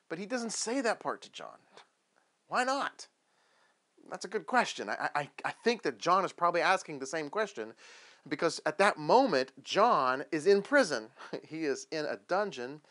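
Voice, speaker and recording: A man preaching a sermon as pastor, telling a Bible story with lively questions and acted-out lines. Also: on the high side, fairly quick. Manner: animated storytelling, acting out biblical voices with questions.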